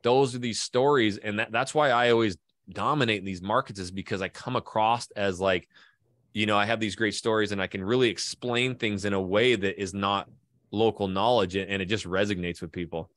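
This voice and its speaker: A man's voice: on the low side, steady tone, brisk, fairly bright tone, no room sound, studio quality. A man from Idaho, a guest in a casual interview, telling long stories and swearing casually. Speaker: guest, real estate agent and video creator.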